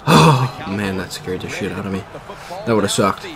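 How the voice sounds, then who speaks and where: A young man giving live gaming commentary at home, excitable, swearing and laughing as he plays. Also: low voice, moderate pace. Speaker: gamer. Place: room at his family home. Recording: game crowd noise behind.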